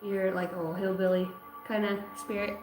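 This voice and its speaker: A woman's voice: medium pitch, flat delivery, brisk, darkish tone. A woman in her thirties doing a casual livestream card reading, bantering playfully with viewers and swearing freely. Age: 30s. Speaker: tarot and oracle card reader. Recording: echoey room with faint background music.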